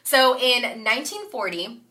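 A woman's voice: a little high, sing-song, a little slow, bright, forceful tone. A young woman co-hosting a podcast, casually retelling a history story with voiced quotes and swearing. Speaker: podcast co-host.

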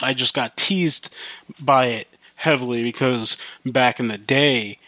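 A man's voice: mid-range voice, measured pace, sharp tone, no room sound. A man from the US Midwest with a slight country accent, rambling casually and swearing often on his own podcast. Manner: rambling, profane, many fillers. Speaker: podcast host.

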